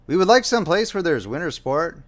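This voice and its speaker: A man's voice: fairly high pitch, big pitch swings, fairly quick, pitched above the performer's own voice. A man voicing a young American officer on the run, talking in an earnest, play-along way. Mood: cheerful.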